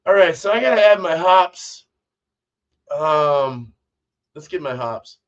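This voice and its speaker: A man's voice: on the high side, lively intonation, slow pace. A man hosting a homebrewing livestream, chatting casually in a rambling, profane way. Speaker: homebrewing channel host. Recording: distant, dull lo-fi mic.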